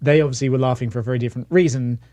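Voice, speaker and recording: A man's voice: medium pitch, steady tone, racing, warm tone. A British man co-hosting a casual chat show, telling jokey stories. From United Kingdom. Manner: chatty storyteller, jokey. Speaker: co-host.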